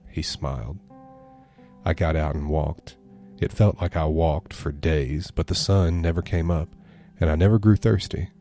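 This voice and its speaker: A man reading a horror story aloud as a podcast narrator, in a somber, measured way. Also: extremely low pitch, fairly even intonation, dark tone, faint music behind.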